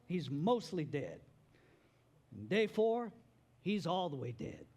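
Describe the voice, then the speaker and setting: High-voiced, unhurried preaching man. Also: big pitch swings, darkish tone. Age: adult father. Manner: conversational, chatty, repeats words while building a point. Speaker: pastor. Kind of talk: sermon.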